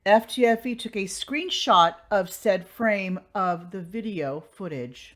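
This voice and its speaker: A woman hosting a commentary channel, talking in a sarcastic, exasperated reaction style. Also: medium pitch.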